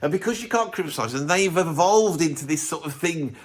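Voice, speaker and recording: A man, a drummer and music vlogger, giving a sarcastic, animated, opinionated rant to camera. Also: on the high side, a little fast. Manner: sarcastic, animated, self-mocking.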